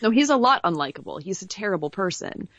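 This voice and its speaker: A woman's voice: mid-range voice, big pitch swings, fast talker, a bit bright, no room sound, dull audio. A woman co-hosting a podcast in casual chat, giving wry, plainspoken reactions. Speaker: podcast co-host.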